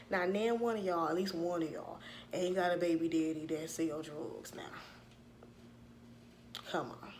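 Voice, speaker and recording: A woman, giving a sassy, animated recap of a reality show in casual commentary. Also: fairly low pitch, a little slow, long pauses, slight background noise. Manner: sassy, animated retelling with acted-out quotes.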